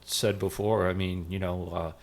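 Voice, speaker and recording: Low-voiced retired firefighter man rambling. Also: level tone, moderate pace, a little hiss or hum. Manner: rambling, full of "you know" fillers. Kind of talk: casual storytelling interview.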